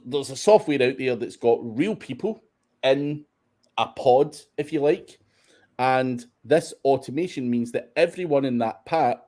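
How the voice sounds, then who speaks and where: A Scottish man with a dark, mellow tone answers viewer questions in a relaxed, sweary way. He talks bluntly, laughing now and then between his points. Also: medium pitch. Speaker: host of SEO Q&A. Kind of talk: casual livestream Q&A.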